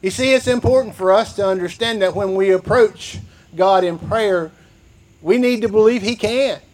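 Pastor guy preaching, earnest, keeps repeating lines, bit high voice. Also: moderate pace, darkish tone. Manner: earnest, repeats key phrases for emphasis. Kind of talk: sermon with scripture reading.

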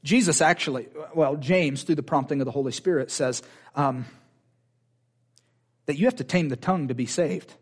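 A man preaching a sermon, animated and personal, often laughing and restarting his sentences. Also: fairly high pitch, normal speed, pauses often, husky.

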